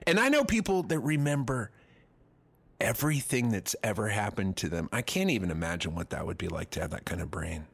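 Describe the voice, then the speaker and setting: Male co-host, forties, lowish voice that swings a lot, rambling crude humor. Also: lively intonation, a little fast, vocal fry, slightly rough. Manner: rambling, self-deprecating, crude jokes. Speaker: podcast co-host. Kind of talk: casual comedic chat.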